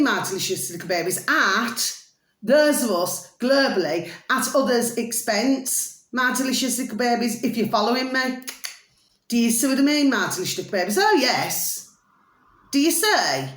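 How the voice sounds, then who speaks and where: A British woman in her fifties, talking straight to her viewers in a passionate, rambling monologue and often checking whether they follow her. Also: on the high side. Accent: British English. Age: 50s. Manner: passionate, repeats pet names and asks "do you see". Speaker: video uploader. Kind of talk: casual ranting monologue to viewers. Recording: roomy echo.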